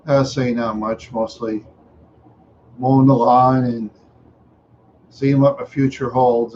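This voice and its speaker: A man's voice: medium pitch, darkish tone, lo-fi sound, slight background noise. A tired, yawning man hosting a casual livestream chat, rambling along with many fillers and trailing asides. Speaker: livestream host.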